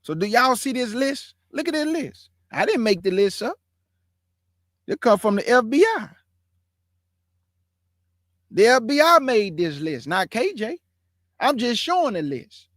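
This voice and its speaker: A man with a very high, fairly bright voice talks in an unhurried, sing-song way, pausing often, in clean studio sound with no room echo. He hosts his own online show, commenting live to viewers with emphatic repetition and words stretched for effect.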